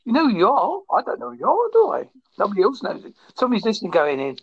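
A man with a mixed Essex and Devon accent hosts a casual podcast chat, teasing his guest and slowing down on purpose so he is understood. His voice swings widely in pitch and has a slightly husky edge. He talks close to a phone, giving a dry, dull, lo-fi sound. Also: huge pitch swings. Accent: mixed Essex and Devon English. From Essex, England. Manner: chatty and teasing, deliberately slow. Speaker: podcast host. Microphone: phone held close.

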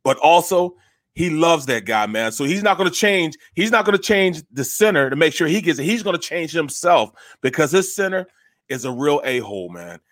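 A man's voice: on the high side, lively intonation, moderate pace, a bit bright, no echo, clean studio sound. A man co-hosting sports talk radio, emphatic and repetitive, often tagging lines with "man.". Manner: emphatic, repeats phrases, says "man" often.

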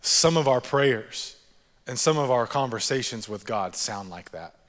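A man preaching a sermon as pastor, animated and jokey, repeating key phrases for emphasis. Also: mid-range voice, a little slow, big-room sound.

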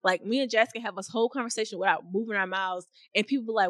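A young woman hosting a faith-based podcast, talking in a rambling, heartfelt way with many fillers, at times near tears and laughing softly. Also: mid-range voice, fast, hardly any pauses, dry recording, clean studio sound. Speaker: podcast host.

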